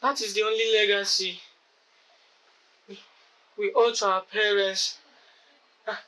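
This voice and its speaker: Weak young guy in hospital, halting, pleading, keeps repeating, bright. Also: high-pitched, little pitch movement, poor audio. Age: young adult. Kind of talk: film acting.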